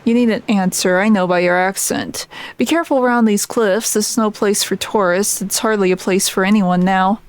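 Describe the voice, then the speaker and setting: A woman reading out the lines of a stern male doctor from a game, quickly and plainly, in her own voice. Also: mid-range voice, steady tone, clean tone, no room sound, natural voice. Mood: warning. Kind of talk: reading game dialogue aloud.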